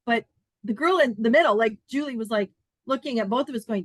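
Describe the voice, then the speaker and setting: A woman in her fifties, a podcast guest, telling a personal story in an earnest, animated, chatty way with many fillers. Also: a little high, fairly quick, no room sound.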